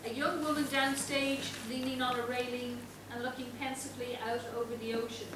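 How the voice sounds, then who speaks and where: Woman narrating stage directions, high voice, loud background noise. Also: little pitch movement, a little fast. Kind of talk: stage directions read aloud. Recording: echoey hall, distant mic, loud noise.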